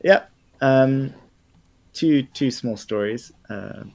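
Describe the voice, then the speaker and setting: A man co-hosting a podcast, sharing news items with many ums and pauses. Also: mid-range voice, gravelly. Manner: hesitant with many ums, warming up to enthusiasm. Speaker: podcast co-host. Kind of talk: casual news chat.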